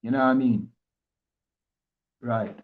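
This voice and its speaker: A man's voice: medium pitch, slow pace. A man with a Jamaican accent teaching from scripture in a preachy way, often stopping to ask if listeners understand. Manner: preachy, keeps asking "you understand?". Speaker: religious teacher. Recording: tinny phone-like line.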